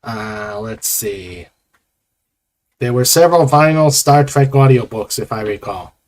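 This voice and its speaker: A man hosting a casual livestream chat, rambling with many pauses and reading viewer comments aloud. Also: mid-range voice, expressive. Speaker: host.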